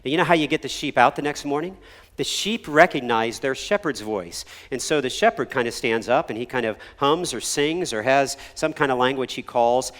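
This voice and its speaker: A pastor giving a conversational sermon, checking in with "right?" and "okay?", sometimes dropping to a hushed near-whisper on key words and acting out the people in his stories. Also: medium pitch. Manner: conversational preaching with frequent "right?" and "okay?" asides; animated voices when acting out a story. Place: church sanctuary. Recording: long church hall reverb.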